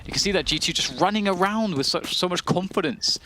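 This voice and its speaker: A man's voice: high voice, fairly quick, sharp tone, a little hiss or hum. A man co-commentating an esports match, chatting in a rambling way with many fillers and restarts. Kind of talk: colour commentary and chat.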